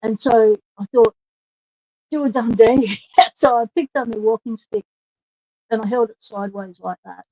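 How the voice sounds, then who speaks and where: A woman's voice: on the high side, moderate pace, dry recording, lo-fi sound. A woman, chatting on a video call and telling a story from her own life. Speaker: guest. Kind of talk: casual chat.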